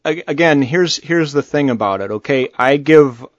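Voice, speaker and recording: A man's voice: mid-range voice, moderate pace, no room sound, lo-fi sound. A man co-hosting a podcast, talking casually and bluntly, cursing freely. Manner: blunt, animated, swears freely. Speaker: podcast co-host. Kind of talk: casual political chat.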